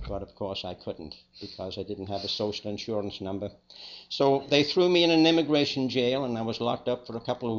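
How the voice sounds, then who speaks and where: An older man with a Liverpool accent, telling his own life story as a testimony in a plain, unhurried, reflective way. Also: mid-range voice, dull audio. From England. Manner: plain, unhurried, with small restarts. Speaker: speaker giving a personal testimony.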